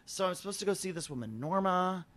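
A man's voice: high voice, fast talker. A man hosting a casual talk show, telling a long story with lots of swearing and acted-out dialogue. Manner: profane, animated storyteller acting out dialogue. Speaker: podcast host telling a story. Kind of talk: casual chat.

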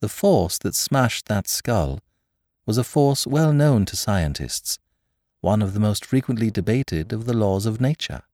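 A man doing the voice of a small, cheerful middle-aged priest who reasons gently and sounds quietly amused. The lines swoop up and down with lively melody, pitched higher than a plain male speaking voice. Recorded close and dry, with no room echo. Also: unhurried. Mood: mild, amused. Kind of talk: audiobook character voice.

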